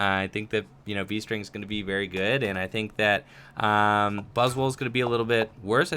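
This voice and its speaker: A young livestreamer reads his viewers' questions aloud and answers them casually, filling his speech with fillers. His voice is lowish, bright and forceful, with a little hiss or hum in the background.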